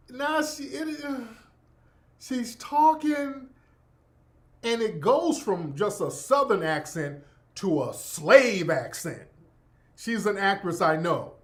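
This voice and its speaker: A man's voice: high-pitched, lively intonation, slow, pauses often. A man hosting a talk radio show, riffing in a casual, profane monologue and repeating himself insistently.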